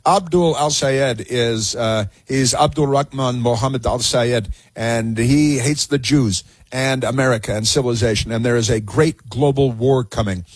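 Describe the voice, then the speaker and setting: A man's voice: mid-range voice, unhurried, hardly any pauses, breathy edge, no echo. A man hosting a talk radio show, delivering a sarcastic, mocking monologue that rambles with many fillers and restarts.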